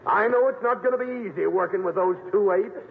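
A man's voice: high-pitched, brisk, gravelly. An actor playing a brusque, impatient male show producer in a 1940s radio comedy. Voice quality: brusque, bossy. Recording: tinny, hissy 1940s radio broadcast.

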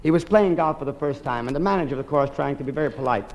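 A man performing a stand-up comedy monologue, telling a long story briskly with deadpan asides. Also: mid-range voice.

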